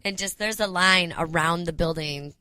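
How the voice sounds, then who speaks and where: A woman chats breezily as a radio guest, her voice bright and a little low-pitched, often breaking into laughs. The sound is dry and close to the studio microphone. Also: moderate pace, clean tone, dry recording. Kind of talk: casual radio chat.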